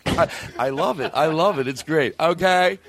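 A man hosting a casual studio chat show, profane and excitable, breaking into shouts of encouragement. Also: on the high side, slow pace. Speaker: podcast host. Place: recording studio.

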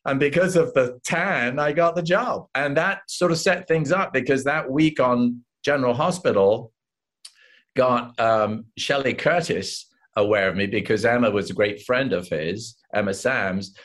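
An older English man, an actor guest, telling animated stories in an interview and acting out the voices of the people in them. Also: mid-range voice, measured pace. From England. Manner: animated anecdotes, acts out voices of others. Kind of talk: casual interview storytelling.

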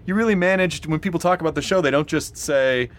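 A man's voice: a little high, fast. A man hosting a casual interview, asking rambling, hesitant questions full of fillers. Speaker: podcast host.

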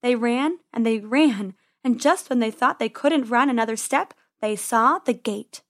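A woman reading a children's story aloud in a gentle, expressive way. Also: on the high side, unhurried.

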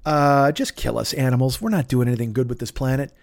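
A man's voice: medium pitch, quick pace, creaky, dry recording, studio quality. A man hosting a comedy podcast, ranting in a profane, sarcastic and rambling way. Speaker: podcast host.

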